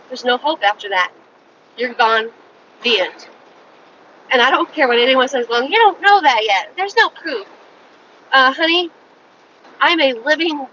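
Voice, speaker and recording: A woman's voice: high-pitched, sharp tone. A woman speaking straight to her viewers in an emotional monologue, emphatic and pleading, repeating her points. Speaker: vlogger. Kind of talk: emotional direct-to-camera monologue. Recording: distant, dull lo-fi sound with faint noise.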